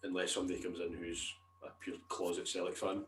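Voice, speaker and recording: A man's voice: low voice, level tone, fast, roomy sound, slight background noise. A Scottish man co-hosting a podcast, chatting casually and laughing often. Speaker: podcast co-host. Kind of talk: casual chat.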